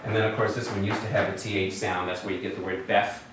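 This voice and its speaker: A man's voice: lowish voice, flat delivery, fast talker, noisy background. Man teaching Hebrew in an echoey room. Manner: explains patiently, asks students questions. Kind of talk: classroom Hebrew lesson. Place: classroom in a congregation building. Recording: very echoey room, mic far off.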